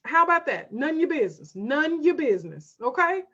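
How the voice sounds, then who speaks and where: A woman's voice: sits high, big pitch swings, a little fast, fairly bright tone, lo-fi sound. A woman hosting a homeschool livestream, chatting casually with viewers and reading their comments aloud in an emphatic, folksy way.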